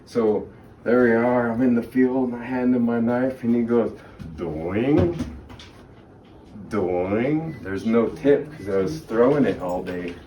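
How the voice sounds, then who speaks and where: A man's voice: mid-range voice, fairly even intonation, moderate pace, highs cut off. A middle-aged man telling rambling stories with laughs and acted-out quotes as a guest speaker in a library. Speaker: guest speaker on native arts. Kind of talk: casual storytelling talk. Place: library room. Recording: echoey room, distant mic, background noise.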